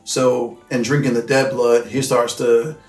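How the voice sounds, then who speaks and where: A man's voice: medium pitch, little pitch movement, unhurried. A man hosting a casual movie recap, talking in a loose, rambling way, with lots of filler words and swearing. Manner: loose, rambling and profane, full of "like" and "you know what I mean". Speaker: host. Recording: echoey room with faint music.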